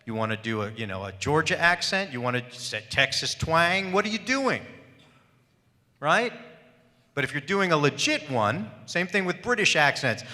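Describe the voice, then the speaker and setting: A man's voice: mid-range voice, big pitch swings, moderate pace, sharp tone. A male voice actor speaking on a convention panel, talking emphatically and throwing rhetorical questions at the audience. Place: large convention hall. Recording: long hall reverb.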